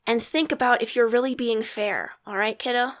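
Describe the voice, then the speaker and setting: A woman voicing a gentle, affectionate, motherly woman in a fan story reading. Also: a little high, fairly even intonation, moderate pace, natural voice. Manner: gentle, coaxing.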